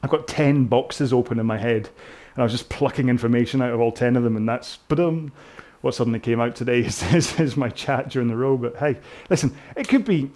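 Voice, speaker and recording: A man's voice: medium pitch, brisk, dark tone. A British man coaching a rowing workout indoors, chatting in a rambling, self-mocking way with jokey asides. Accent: British English.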